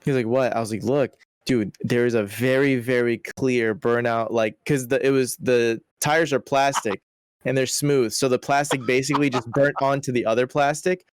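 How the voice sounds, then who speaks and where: Young man telling a story, smooth and dry. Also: mid-range voice, moderate pace, no room sound. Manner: animated, profane, lots of "bro" and "like". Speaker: podcast co-host. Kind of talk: casual storytelling chat.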